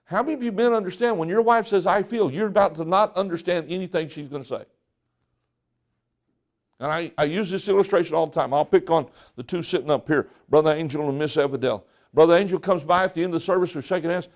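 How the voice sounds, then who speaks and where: Man, high voice, pastor, folksy sermon, joking, middle-aged. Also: fast. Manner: folksy, joking, acts out people's lines.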